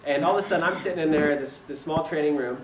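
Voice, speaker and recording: A young man tells a casual story, laughs often, and acts out what other people said. His voice sits fairly high. He is recorded from a distance in an echoey room with faint ambience behind him. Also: fast, a little hiss or hum. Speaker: speaker telling his business story. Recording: roomy echo from a distant mic.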